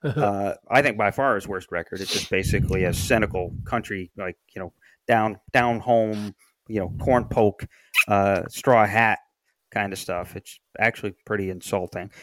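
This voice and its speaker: A man's voice: lowish voice, moderate pace, a bit bright, no room sound. A man co-hosting a podcast, chatting casually about music history with wry, sardonic, profane asides. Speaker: podcast co-host.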